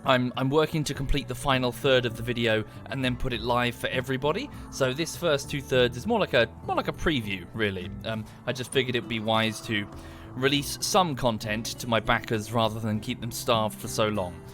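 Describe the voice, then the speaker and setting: A man's voice: mid-range voice, a little fast, few pauses, music in the background. A man chatting casually to viewers during a livestream, rambling and thanking them as he goes.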